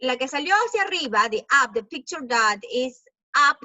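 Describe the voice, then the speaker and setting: An English teacher, a native Spanish speaker, leads kids through an online class by video call, repeating words patiently, encouraging them and making animal sounds. She speaks fairly quickly in a high-pitched, sharp voice with lively intonation. The audio is dull, with no room sound.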